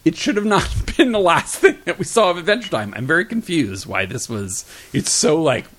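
A man's voice: a little high, very animated, normal speed, fairly bright tone. A man co-hosting a podcast, reviewing shows and books in casual, rambling chat full of "like" and "um". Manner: rambling, filler-heavy, frequent "like" and "um". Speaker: podcast co-host. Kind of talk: casual pop-culture chat.

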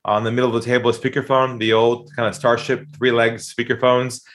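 A man's voice: medium pitch, flat delivery, fairly quick, a bit bright. A man telling a dramatic story about a sales call, acting out the quoted voices with emphatic delivery. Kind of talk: animated storytelling.

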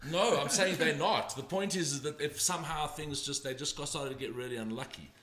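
A man's voice: a little high, a little fast, fairly bright tone. A man giving rugby predictions in a casual panel chat, rambling and emphatic, often stopping and restarting. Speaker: rugby pundit. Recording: roomy echo.

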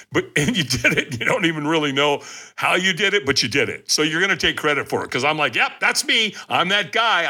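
This male podcast guest has a fairly high-pitched voice, and he tells his story animatedly and emphatically while regularly addressing listeners head-on.

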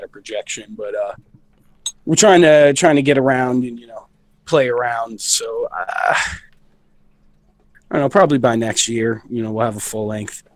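A man's voice: medium pitch, no room sound, poor audio. A man recovering from the flu and out of breath, talking in a rambling way full of fillers and swearing as a guest in a casual studio interview. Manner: rambling, many fillers and profanity. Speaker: band member guest. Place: recording studio.

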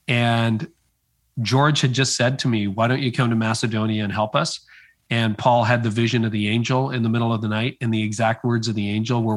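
A middle-aged man, a former pastor, telling his story in conversation, slowing down to stress the key moments. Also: medium pitch, a bit bright. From Canada. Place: at his home area, speaking remotely.

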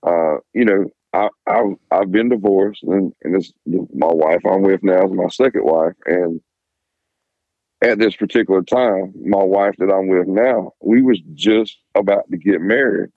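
A middle-aged man, a former police officer, telling stories casually in a podcast interview, animated and cursing freely. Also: sits low, unhurried, dry recording, phone-quality sound. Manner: animated, swears freely, acts out quoted voices.

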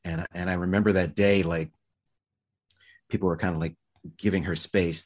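A man with a fairly low voice chats casually as a guest, recalling stories from sets. He talks in bursts, stumbling over restarts and fillers, then lifting into animated peaks. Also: normal speed, pauses often. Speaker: guest actor. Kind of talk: casual storytelling chat.

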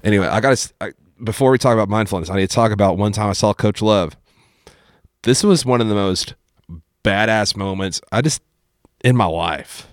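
A young man with a very low voice tells casual stories as a podcast guest. He acts out other people's lines and keeps saying "dude," and the sound is dry and close. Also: a little fast, no room sound. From Appalachian Kentucky. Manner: animated storyteller who acts out quotes, says dude a lot. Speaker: podcast guest, former high school teacher. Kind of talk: casual storytelling chat.

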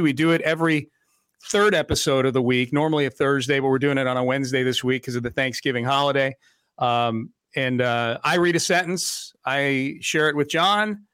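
A man's voice: mid-range voice, a bit bright, clean tone, no echo. A man hosting a sports podcast, chatting casually and playfully needling his co-host.

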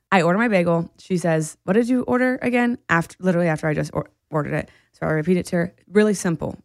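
Low, gravelly woman telling a story. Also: no room sound, studio quality. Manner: animated storytelling with laughs. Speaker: podcast co-host. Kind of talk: casual chat.

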